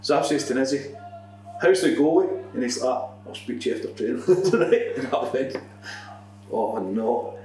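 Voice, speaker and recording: A man, a former football manager, telling a swearing, animated anecdote in a casual podcast chat. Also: medium pitch, normal speed. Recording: echoey room, distant mic, faint hum.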